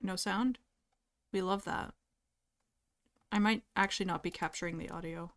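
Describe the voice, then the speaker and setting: A woman's voice: fairly low pitch, steady tone, normal speed. Chatty, giggly young woman streamer. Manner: chatty, giggly, reads chat aloud. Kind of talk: casual chat with live chat.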